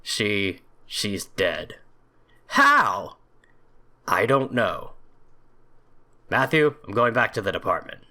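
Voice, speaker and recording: A man's voice: lowish voice, expressive, takes it slowly, bright, forceful tone. A man hosting a let's play, reading the game text aloud and adding joking, sarcastic asides, often flustered by the menus.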